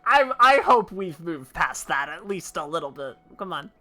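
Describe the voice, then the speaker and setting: A young adult woman streamer chatting casually and opinionatedly during a live game stream, full of fillers and quick laughs. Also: fairly low pitch, very animated, sharp tone, faint music behind.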